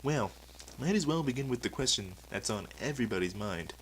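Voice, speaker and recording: A man's voice: mid-range voice, expressive, fairly quick, a bit bright, a little hiss or hum, rough recording. A man hosting a comedic mock talk show, asking questions in a flustered, patient way. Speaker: talk show host in a sketch.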